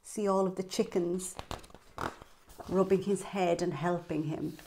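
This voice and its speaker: A woman reading a picture book aloud to young children, animated and sing-song, pointing out the pictures as she goes. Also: on the low side, unhurried, creaky, slight background noise. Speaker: children's storyteller.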